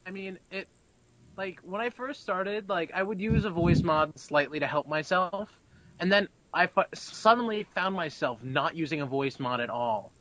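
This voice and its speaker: Young male interview guest; brash, chatty, curses a lot, slightly higher pitch, dry sound. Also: moderate pace, pushed and bright, no room sound. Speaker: abridged-series voice actor, interview guest. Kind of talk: casual interview.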